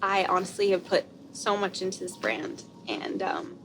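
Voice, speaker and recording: A woman's voice: medium pitch, very animated, normal speed, music in the background. A young woman in her twenties, a brand founder, talking casually and openly emotional in a personal vlog.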